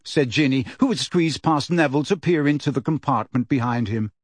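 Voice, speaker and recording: A man narrating an audiobook in a measured, steady storytelling voice. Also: medium pitch, no echo.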